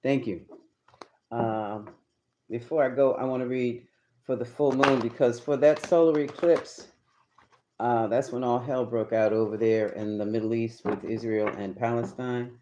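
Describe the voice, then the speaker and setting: A man's voice: mid-range voice, steady tone, unhurried, muffled recording, noisy background. A man doing a live tarot reading, chatty and emphatic, talking straight to his viewers. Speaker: tarot reader.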